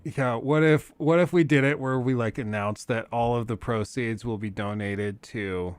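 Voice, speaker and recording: A man's voice: mid-range voice, moderate pace, clean tone, no room sound. A young man hosting a live stream, chatting casually with viewers in a rambling, joking way and laughing often.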